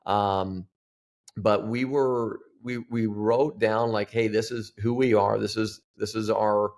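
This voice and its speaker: A man's voice: on the low side, slow pace. A middle-aged man, a pastor, telling a story as a podcast guest and acting out the dialogue in it. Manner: animated storyteller who acts out dialogue.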